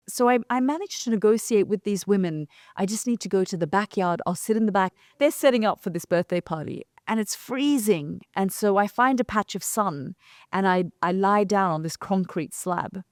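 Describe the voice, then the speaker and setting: A co-host and journalist originally from London relates a reporting trip in casual conversation, performing the dialogue of the people she met with vivid flair. Her medium-pitched voice is expressive at a normal speed, and the recording is dry and studio-clean.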